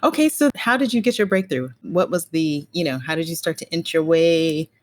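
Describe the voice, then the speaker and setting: A woman's voice: sits low, animated, normal speed. A woman from Colorado hosting a podcast, asking her guest open questions in a casual interview. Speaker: podcast host.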